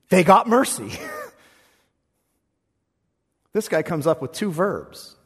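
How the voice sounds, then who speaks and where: A male pastor preaching a sermon, expressive, swinging between loud passages and hushed ones. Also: a little high, takes it slowly, pauses often, slightly rough, in a large hall.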